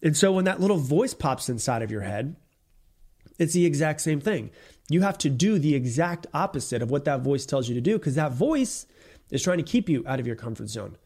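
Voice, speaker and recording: A man with a somewhat high-pitched voice delivers a solo motivational podcast. He speaks bluntly and emphatically, circles back to drive his points home, and drops casual curses along the way. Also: sing-song, brisk, darkish tone. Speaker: podcast host.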